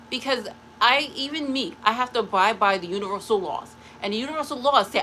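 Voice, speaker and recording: A woman's voice: on the high side, a little fast, few pauses, bright, forceful tone, a little hiss or hum, low-quality recording. A woman talking to camera in a spiritual vlog, taunting an unnamed rival and then chatting in a rambling way. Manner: rambling with restarts and laughs. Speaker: vlogger.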